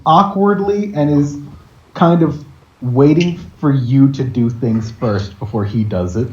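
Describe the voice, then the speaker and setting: A man acting as game master, narrating events calmly and plainly. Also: mid-range voice, measured pace. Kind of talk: running a tabletop game. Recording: roomy, dull lo-fi with mic noise.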